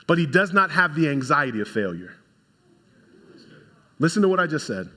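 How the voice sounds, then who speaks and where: Bright, animated man preaching. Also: fairly high pitch, normal speed. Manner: animated preaching, talks to the congregation directly. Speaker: pastor. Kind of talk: sermon.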